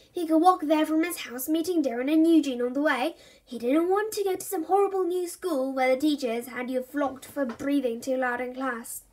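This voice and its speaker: A woman reading a children's book aloud in a lively, expressive way. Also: high voice, moderate pace. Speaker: story reader.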